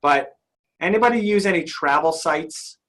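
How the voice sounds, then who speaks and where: A man's voice: a little high, animated, moderate pace, a bit bright. A male sales trainer leading an interactive session, upbeat and often asking his audience questions.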